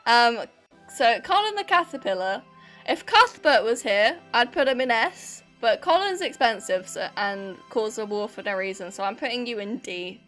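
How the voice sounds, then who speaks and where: A young woman with a British accent talks through a live stream in a loose, rambling way, answering her chat as she goes. Her voice sits a little high, and quiet background music plays under her. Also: animated, moderate pace. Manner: chatty and rambling, reacting to chat with frequent laughs. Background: faint background music.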